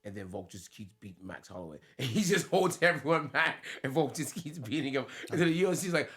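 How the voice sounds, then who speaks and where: A man's voice: mid-range voice, expressive, a little fast, few pauses, a bit bright. A man from the United States, a fighter co-hosting a podcast, chatting casually with loose, laughing, swearing banter.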